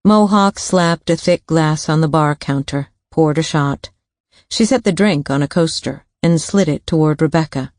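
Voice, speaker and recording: A woman reading a thriller audiobook in a steady, even narration on a studio mic. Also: low-pitched, moderate pace, dry recording.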